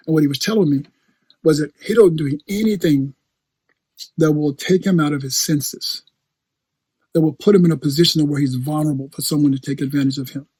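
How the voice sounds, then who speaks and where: A man's voice: a little high, a little fast, darkish tone, breathy edge, no room sound. A man preaching a conversational sermon, chatty, often laughing and repeating phrases as he talks. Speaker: pastor.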